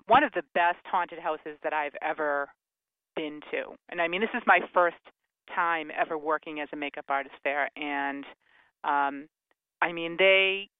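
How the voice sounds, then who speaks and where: A man's voice: a little high, clean tone, dry recording. A male radio co-host in casual talk, chatty and upbeat. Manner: chatty, upbeat self-promotion. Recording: phone-like lo-fi radio sound.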